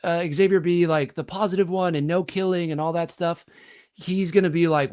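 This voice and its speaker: A man's voice: on the high side, steady tone, moderate pace, darkish tone, clear, resonant tone. A man hosting a casual group chat, laughing often and reading out viewer questions.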